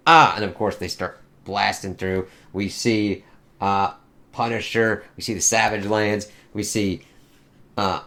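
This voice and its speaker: A man with a lowish voice talks through a comic book in a loose, unscripted way. He swears freely and keeps reaching for fillers as he goes. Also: steady tone, unhurried, a bit bright. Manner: rambling, profane, many fillers. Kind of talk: casual spoken review.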